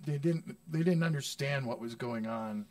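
A man co-hosting a podcast, asking questions in a relaxed, loose way. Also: mid-range voice, normal speed, dry recording, recorded from a distance. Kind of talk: casual chat.

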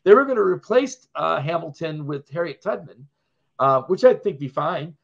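A man's voice: a little high, lively intonation, moderate pace, vocal fry. A man co-hosting a podcast in casual chat, rambling from point to point and laughing often. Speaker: podcast co-host. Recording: dull lo-fi sound.

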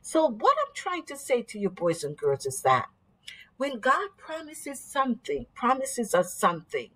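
A woman's voice: on the high side, sing-song, measured pace, fairly bright tone, husky. A woman teaching at a vacation Bible school. She tells a Bible story to children expressively and keeps asking them questions.

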